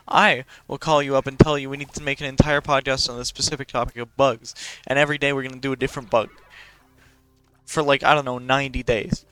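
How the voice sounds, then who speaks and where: A man's voice: mid-range voice, level tone, quick pace, sharp tone, clean tone, soft background music. A young man, talking in a casual, rambling and profane way as a podcast host.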